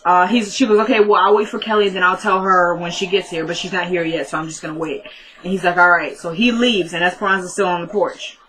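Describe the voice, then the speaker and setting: A woman's voice: lowish voice, fairly even intonation, fast talker, a bit bright, a little hiss or hum, rough recording. A woman casually recapping a TV episode, retelling the dialogue in a chatty way. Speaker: TV recap vlogger.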